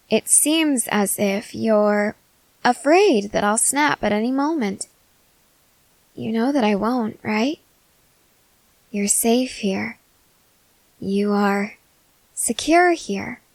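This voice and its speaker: A young woman voicing an obsessive, possessive queen in an ASMR role-play, talking softly and insistently. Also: a little high, dry recording. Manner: slow, soft, controlling and insistent.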